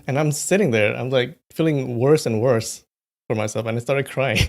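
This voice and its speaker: A young man hosting a live stream, casually chatting with viewers in a rambling storytelling way and often clearing his throat, at a desk mic at home. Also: mid-range voice, moderate pace, a little mellow. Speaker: livestream host.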